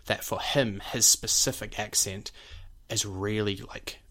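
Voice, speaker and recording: Man, young adult, fairly low voice, podcast co-host, casual explaining, lots of filler words. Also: steady tone, unhurried, pushed and bright. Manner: explains at length, with many "like" and "you know" fillers; breaks off to demonstrate accent sounds.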